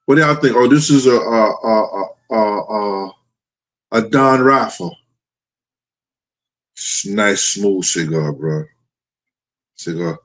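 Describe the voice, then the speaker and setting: A middle-aged man with a lowish voice hosts a livestream and talks straight to his chat. He speaks bluntly and swears freely in a casual, conversational way. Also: lively intonation, slow pace, long pauses, a bit bright, rough recording. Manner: blunt, profane storytelling. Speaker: livestream host.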